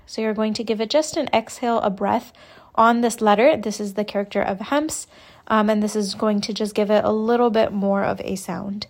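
A young woman teaching Quran recitation rules, explaining each point slowly and patiently. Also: fairly high pitch. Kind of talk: step-by-step tajweed lesson.

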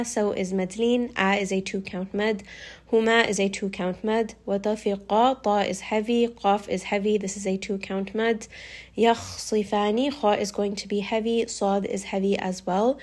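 A woman's voice: mid-range voice, darkish tone. Woman patiently teaching recitation rules. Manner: patient, repetitive explaining, with short recited demonstrations. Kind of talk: step-by-step explanatory lesson.

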